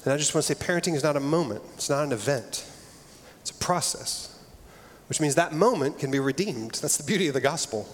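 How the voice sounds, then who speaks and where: A man's voice: fairly high pitch, lively intonation, quick pace, few pauses, a little hiss or hum. A middle-aged man preaching a sermon, earnest and conversational, often restarting his phrases. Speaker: pastor. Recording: long reverb of a large hall.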